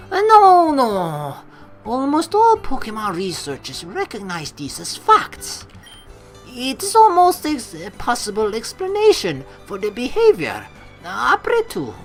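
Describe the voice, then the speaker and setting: A woman doing a high, lilting mock-French teacher. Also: wildly swooping pitch, unhurried, faint music behind. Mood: lecturing. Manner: flowery, lilting, melodramatic. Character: theatrical French female ghost teacher, dreamy.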